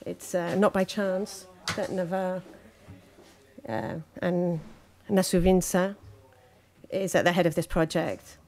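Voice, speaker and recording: A woman interpreting speeches live at a conference, halting often with fillers between phrases. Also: lowish voice, steady tone, darkish tone, a little hiss or hum.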